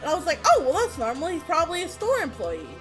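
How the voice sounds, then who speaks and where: A young woman recounts a chaotic day in a casual storytime, her high voice leaping wide as she laughs and swears. She slips into quick impressions of the people she met. A faint bed of music sits under her talk. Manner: animated, laughing, swearing freely, acts out quotes.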